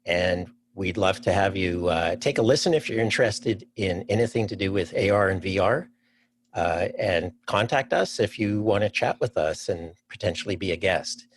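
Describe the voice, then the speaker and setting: A man's voice: sits low, normal speed. A man from Canada chatting as a podcast guest, enthusiastic and thinking aloud before he answers. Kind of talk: casual interview chat.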